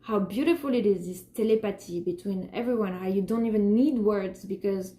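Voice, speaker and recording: A woman's voice: medium pitch, a little fast, warm tone, roomy sound. A woman giving an unscripted personal monologue about her artwork and her feelings, rambling and emotional, with many restarts. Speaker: artist talking about her work.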